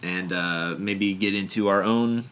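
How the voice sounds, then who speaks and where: Man, podcast co-host, bright tone, joking, rambling, laughs a lot. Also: deep voice, unhurried, clear, resonant tone. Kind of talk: casual chat, reading stories aloud.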